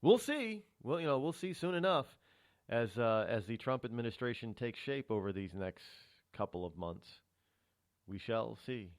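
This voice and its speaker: A man hosting a radio talk show, rambling through a solo monologue of political commentary with many restarts. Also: moderate pace. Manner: rambling, restarts often, animated pitch swings. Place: radio studio.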